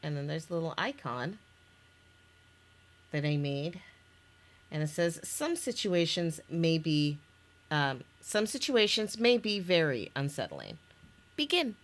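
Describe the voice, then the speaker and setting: A woman's voice: low voice, very animated, unhurried, pauses often. A woman presenting an interactive story game she made, reading its scenes aloud in casual chat. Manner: reads scenes aloud with restarts and laughs. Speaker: game maker presenting her game.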